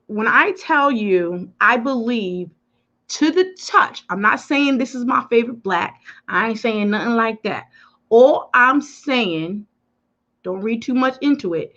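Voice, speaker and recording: A woman hosting a live makeup tutorial, chatting emphatically with her viewers and answering their comments. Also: medium pitch. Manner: animated, emphatic. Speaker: beauty influencer. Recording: dull lo-fi livestream audio.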